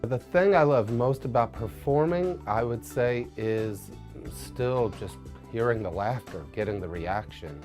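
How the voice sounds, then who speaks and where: A comedian from Southern Indiana with a twang, mixing stand-up and casual talk in a wry, drawn-out way. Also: male voice, mid-range voice, a little mellow, soft background music.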